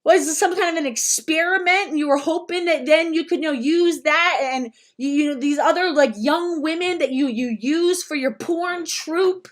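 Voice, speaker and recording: Woman with a very high voice, an angry profane direct-address rant full of stumbles and restarts. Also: moderate pace, hardly any pauses.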